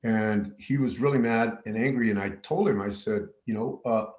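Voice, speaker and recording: A man's voice: on the low side, normal speed, a little mellow, reverberant, dull audio. A man, a middle school teacher from New Mexico, telling a personal story with many fillers and restarts. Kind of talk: personal story told to camera.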